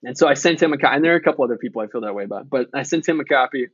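A man's voice: medium pitch, expressive, very fast, breathy edge, dry recording, highs cut off. Candid man telling stories on a podcast. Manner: candid storytelling with profanity and quoted dialogue. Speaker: author and podcast guest. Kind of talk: casual podcast conversation.

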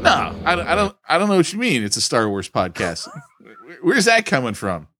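A man's voice: a little high, huge pitch swings, moderate pace, noisy background. A man co-hosting a podcast in casual banter, laughing and teasing. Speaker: podcast co-host.

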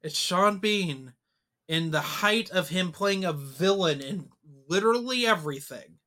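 A man talks through a movie in a casual podcast chat, opinionated and animated. His voice is bright and forceful and sits a bit high for a man. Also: measured pace. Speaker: podcast co-host. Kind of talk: casual film discussion.

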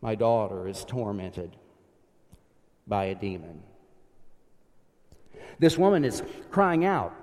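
A man preaching a sermon from a pulpit in a church, reflective, sinking soft and low when he voices prayers. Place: church sanctuary behind a pulpit. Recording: long church reverb.

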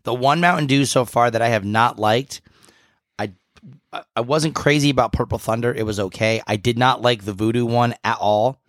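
A man's voice: medium pitch, steady tone, normal speed, fairly bright tone, dry recording, clean studio sound. A man co-hosting a podcast, chatting casually in a rambling, jokey way with a frog in his throat. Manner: rambling, jokey, lots of fillers. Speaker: podcast co-host.

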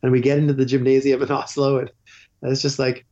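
A man who is a podcast guest, telling lively anecdotes in casual chat and swearing freely. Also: medium pitch, fast talker. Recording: dull lo-fi podcast audio.

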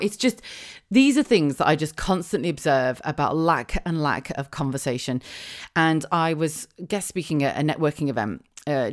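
A middle-aged woman hosting her own podcast, talking casually on her own, with quick asides, rhetorical questions and frequent laughs. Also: sits low. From England (Wiltshire). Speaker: podcast host. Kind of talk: casual solo podcast monologue.

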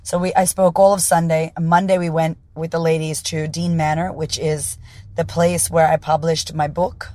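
An American woman with a hoarse, raspy voice from losing it, hosting her podcast as a confidence coach in upbeat, profane, rambling chat. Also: fairly low pitch, a little mellow, a little hiss or hum.

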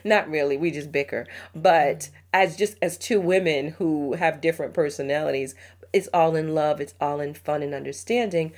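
A woman's voice: low voice, normal speed, a little mellow. A middle-aged woman hosting a parenting podcast, telling a personal family story in an emotional, confiding way and laughing often. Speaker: podcast host, mother. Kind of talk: heartfelt parenting podcast talk.

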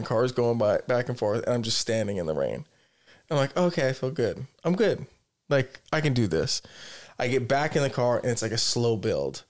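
A man's voice: mid-range voice, smooth. A man hosting a podcast, chatting casually and telling stories in a blunt, profane, joking way. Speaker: podcast host. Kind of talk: casual chat and storytelling.

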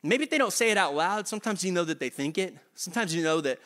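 A high, bright male voice gives a relaxed, joking sermon to his congregation. He talks in a chatty way and stumbles over repeated words. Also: fast. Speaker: pastor. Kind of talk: casual, humorous sermon.

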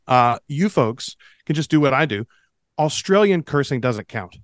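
A man co-hosting a podcast in casual, joking chat, talking quickly with frequent restarts. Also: mid-range voice, lively intonation, no echo, clean studio sound. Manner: quick, restarts and stumbles, jokey. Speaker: podcast producer and co-host.

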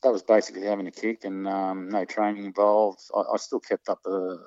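A man with a low voice telling old stories in a relaxed, halting way, filling gaps with ums and restarting his sentences. The sound is dry and close but dull and muffled, as if recorded at reduced quality. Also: no echo. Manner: hesitant, many ums and restarts. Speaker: interviewee, former soccer player. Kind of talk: casual reminiscing.

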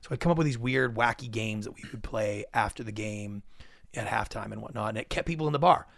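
A middle-aged man, a podcast guest, telling his story in an animated way and acting out what people said. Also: lowish voice, quick pace, gravelly, no echo. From Canada. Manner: animated, acts out quotes. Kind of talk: storytelling interview.

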